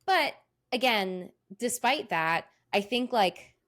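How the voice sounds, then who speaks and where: A woman's voice: fairly high pitch, lively intonation, slow pace, a bit bright. A woman co-hosting a podcast, chatting casually, laughing often and swearing offhandedly. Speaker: podcast co-host. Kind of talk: casual chat.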